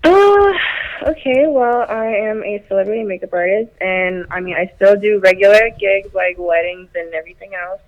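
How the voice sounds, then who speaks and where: A woman's voice: mid-range voice, expressive, normal speed. Woman calling in on a dull phone line. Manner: chatty, laughs while telling her story. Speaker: call-in guest. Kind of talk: phone-in chat.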